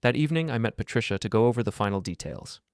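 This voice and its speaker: A man narrating a first-person story in a flat, detached way. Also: medium pitch, fast talker, clean tone, dry recording, studio quality.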